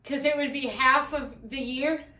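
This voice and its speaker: A woman with a high voice tells corny one-liners on a live comedy stage, tossing apologies between jokes as she hula hoops. She speaks slowly and stands well back from the mic in an echoey room. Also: steady tone, sharp tone, distant mic. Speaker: stand-up comic. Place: live comedy telethon venue.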